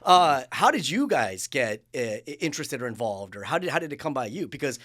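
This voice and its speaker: A man in his late forties hosting a podcast in a studio, chatting casually and telling stories with quick asides. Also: medium pitch. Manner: lively storyteller, quick asides. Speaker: podcast host. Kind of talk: casual interview chat.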